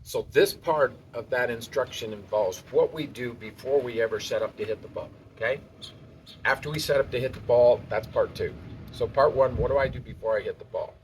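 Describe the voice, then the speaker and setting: A man's voice: medium pitch, brisk. Regular-voiced guy giving a golf lesson out on the course, chatty and plainspoken, mic kinda far off w/ a little background noise. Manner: conversational, plainspoken storyteller. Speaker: golf instructor. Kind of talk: casual on-course instruction. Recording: distant mic, faint outdoor noise.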